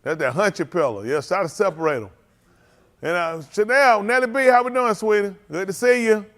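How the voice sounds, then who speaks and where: A man's voice: high voice, fairly quick, a bit bright. A man, leading a congregation and greeting livestream viewers by name in a joking, teasing, casual way. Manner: joking, teasing, calls out names.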